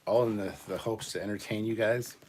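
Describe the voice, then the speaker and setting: A man's voice: lowish voice, steady tone, a little fast, background noise. Tipsy man hosting a trivia livestream. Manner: loose, swearing, tipsy banter with chat. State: drinking, slightly drunk. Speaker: livestream host. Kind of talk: casual livestream trivia chat.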